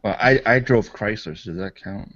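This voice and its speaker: A man from Canada chatting casually with hesitant pauses and dry humor. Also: on the low side, fairly bright tone. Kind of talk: casual chat. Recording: dull lo-fi online call audio.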